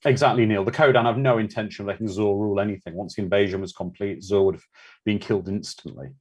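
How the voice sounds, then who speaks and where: Husky man reading viewer comments. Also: lowish voice, fast, darkish tone. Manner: chatty, reads out viewer comments. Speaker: watch-party commentary host. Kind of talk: casual live commentary chat.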